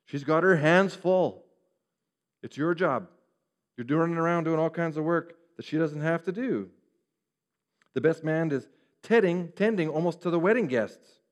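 A man preaching a sermon, animated and acting out the voices of the people he quotes. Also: a little high, moderate pace, pauses often. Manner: animated, acts out quoted speech. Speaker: pastor. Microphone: referring to a screen, preaching to a congregation.

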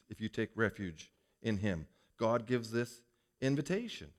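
A man's voice: lowish voice, lively intonation, measured pace. A male pastor giving a conversational sermon, asking the congregation rhetorical questions.

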